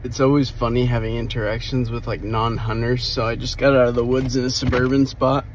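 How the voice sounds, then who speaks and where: A man's voice: mid-range voice, flat delivery, brisk, slight background noise, poor audio. Amused hunter man telling stories outdoors. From New Hampshire. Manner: amused, laughs at his own stories. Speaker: hunting vlogger. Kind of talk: casual outdoor storytelling. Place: outdoors after a hunt.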